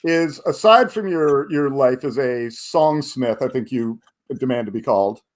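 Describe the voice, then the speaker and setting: A man's voice: mid-range voice, normal speed. A man hosting a podcast interview and asking questions with teasing, dry banter. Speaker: podcast host. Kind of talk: casual interview chat.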